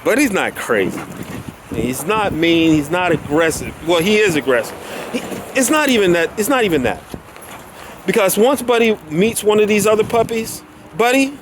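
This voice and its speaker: A man vlogging while walking his dog down a neighborhood street, rambling and often losing his train of thought. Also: high voice. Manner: laughs often. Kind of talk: casual rambling chat. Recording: noisy street with traffic.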